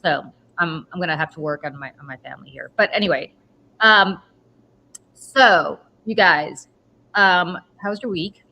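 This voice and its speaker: A woman's voice: lowish voice, moderate pace, muffled recording. A middle-aged woman, a podcast host, telling stories in casual chat and acting out her own reactions. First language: Russian. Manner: animated storyteller, acts out her own reactions. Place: home.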